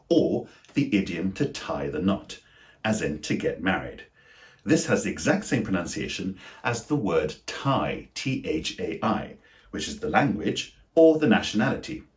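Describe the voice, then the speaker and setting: A man's voice: low-pitched, very animated, a little slow. A man with a British English accent teaching a video lesson on English words, spelling them out letter by letter.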